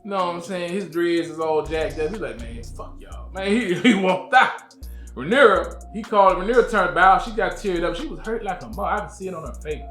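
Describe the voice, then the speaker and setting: A man's voice: high voice, brisk, a bit bright, echoey room, soft background music. A man hosting his own channel, giving a casual, slangy episode review and talking straight to his viewers.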